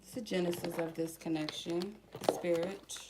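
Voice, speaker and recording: A woman giving a casual tarot reading to her viewers, chatty and slangy, slowly reading out card keywords one by one. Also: lowish voice, fairly even intonation, very noisy. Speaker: tarot reader.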